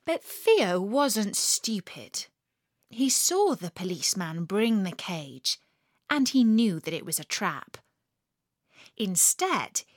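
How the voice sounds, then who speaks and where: A woman narrating a children's story in a lively, expressive way, slowing for emphasis. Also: mid-range voice, dry recording, clean studio sound.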